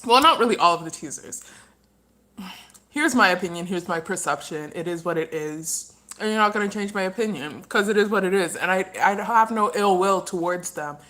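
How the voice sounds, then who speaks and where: A woman's voice: lowish voice, normal speed, bright, forceful tone. A woman hosting a casual livestream, rambling through her opinions and talking while she eats. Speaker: livestream host.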